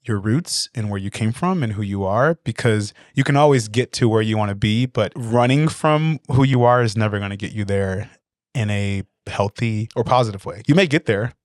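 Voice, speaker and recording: A man's voice: on the low side, normal speed, dry recording. A man talks casually as a guest on a podcast, telling anecdotes about his company's team. He slips into quoted voices and laughs easily. The recording is dry, with almost no room sound. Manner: animated storyteller, acts out quotes, laughs often. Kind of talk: casual interview chat.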